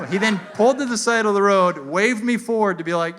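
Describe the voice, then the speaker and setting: A young man performing a stand-up comedy set on a stage mic, acting out characters in quick voices. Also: high-pitched, a bit bright, slight background noise. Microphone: handheld stage mic.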